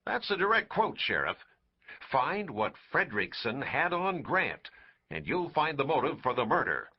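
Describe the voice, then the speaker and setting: A man's voice: medium pitch, big pitch swings, unhurried, slightly rough, lo-fi sound. A man voicing an impatient, peremptory big-city newspaper editor. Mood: curt impatient. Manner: peremptory, brusque.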